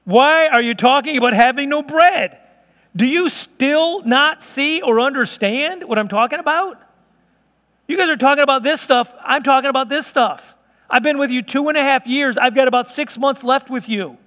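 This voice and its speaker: A man's voice: extremely high pitch, fairly quick, sharp tone, big-room sound, pitched above the performer's own voice. A man voicing an exasperated adult male teacher who fires incredulous rhetorical questions at his followers.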